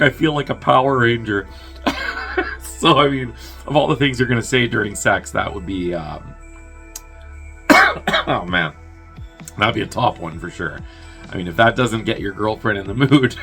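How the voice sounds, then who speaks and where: A man's voice: lowish voice, vocal fry, a bit bright. A man hosting a movie review show, casually recapping a plot in a rambling, wry way and laughing at his own jokes. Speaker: movie review podcast host.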